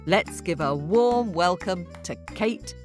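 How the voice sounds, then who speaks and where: A woman's voice: fairly low pitch, expressive, takes it slowly, over music. A woman hosting a children's story podcast, talking playfully and directly to young listeners. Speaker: podcast host.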